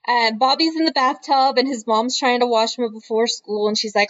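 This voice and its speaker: A woman with a fairly high voice co-hosts a podcast. She chats easily and laughs along with her partner. The sound is somewhat dull and lo-fi. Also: fairly even intonation, moderate pace. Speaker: podcast co-host. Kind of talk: casual chat. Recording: dull lo-fi recording.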